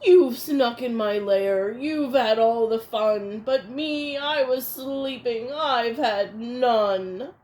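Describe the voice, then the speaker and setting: A woman voicing a grumpy big male bear in a storybook reading, complaining loudly and slowly. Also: on the high side, echoey room, slight background noise. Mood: sulky. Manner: loud, slow, complaining.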